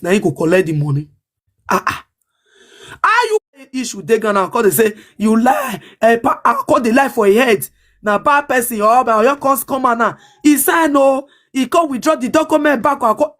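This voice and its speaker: A woman with a Nigerian Pidgin English accent ranting on a livestream, emphatic and defiant, repeating her points over and over. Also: a little high. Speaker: social media live streamer. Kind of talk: livestream rant.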